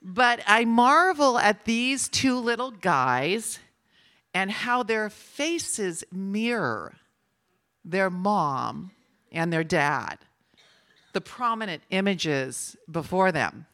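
A woman's voice: mid-range voice, very animated, drawn-out words, fairly bright tone. An older woman, a grandmother, speaking to a women's gathering in a chatty, personal sermon style that teases the audience now and then.

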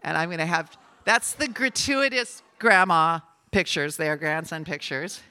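An older woman preaching to a room of women, her voice bright and forward with a slightly low pitch. She talks in a chatty, personal way and teases her listeners now and then. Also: normal speed, smooth. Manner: warm, chatty and personal, teasing with the audience. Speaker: speaker at a women's gathering. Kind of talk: sermon.

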